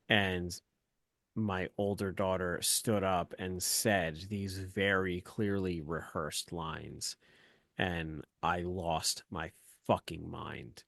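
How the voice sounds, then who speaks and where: A man's voice: deep voice, gravelly, fairly bright tone, dry recording, studio quality. A middle-aged man, a podcast co-host, telling a heated story full of profanity in casual chat.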